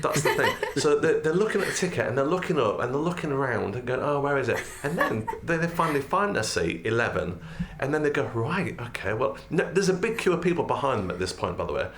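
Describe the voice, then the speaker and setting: A man's voice: mid-range voice, very animated, fast talker, hardly any pauses, noisy background. A man with a British accent, a podcast co-host ranting comically and acting out other people. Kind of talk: casual chat. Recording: roomy echo.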